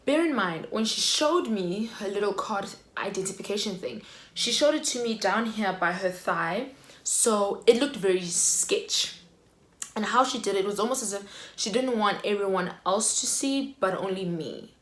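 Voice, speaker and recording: A young South African woman with a South African accent telling a story in a chatty, animated way. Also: medium pitch, moderate pace. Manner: animated, chatty, heavy on fillers. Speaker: vlogger. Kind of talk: casual storytime. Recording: echoey room.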